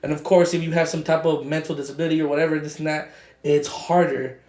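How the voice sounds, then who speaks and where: A young man talking in casual chat as a podcast co-host, halting and full of fillers and restarts. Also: on the high side, little pitch movement, darkish tone, echoey room.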